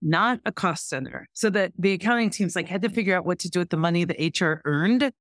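Middle-aged woman, lowish voice, acts out the dialogue in her story, dry close sound. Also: a little fast, no echo. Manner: animated storyteller acting out dialogue. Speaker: podcast guest, workplace author and speaker. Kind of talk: storytelling interview chat.

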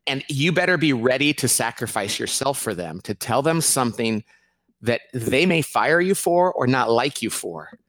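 A man answering interview questions as an author and consultant, lively and acting out quoted people. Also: mid-range voice, normal speed, no echo. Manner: animated, acts out quoted people in raised voice.

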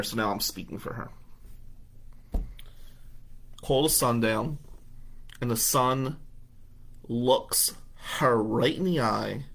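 A man in his fifties from New Jersey, a radio host telling a personal story in an animated, conversational way and acting out the dialogue. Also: medium pitch.

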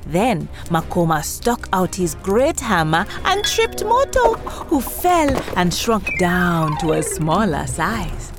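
A woman narrating a children's story as host, with expressive, animated delivery. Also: fairly low pitch, slow pace, hardly any pauses, over loud music.

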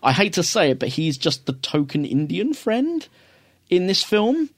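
Halting man, dry sound. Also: high-pitched, sing-song, dry recording. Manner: halting, many fillers and restarts, blunt opinions. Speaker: podcast co-host. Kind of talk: casual film review chat.

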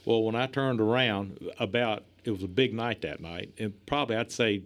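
Man, middle-aged, low voice, casual storytelling, chuckles often. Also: moderate pace. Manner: animated, chuckling, acts out quoted lines.

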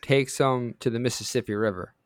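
Male co-host, casual and rambling, mid-pitched, dry close sound. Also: steady tone, a little fast, dry recording. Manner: rambling, repeats words while pitching ideas. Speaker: podcast co-host. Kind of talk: casual comedic chat.

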